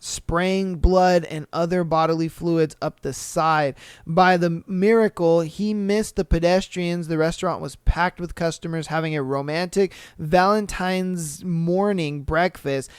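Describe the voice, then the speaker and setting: An animated male podcast host reads listener stories and then riffs on them, swearing freely and jumping into little acted-out voices. His voice is smooth and clean, recorded close on a dry mic. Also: on the high side, dry recording. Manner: animated, profane, acts out bits in funny voices. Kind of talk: reading and reacting to stories.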